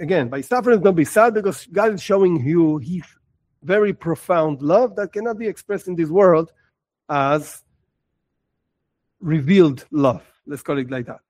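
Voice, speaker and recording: A man giving a spoken lesson on religious texts, expressive, acting out little scenes and repeating words for emphasis. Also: fairly high pitch. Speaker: religious teacher.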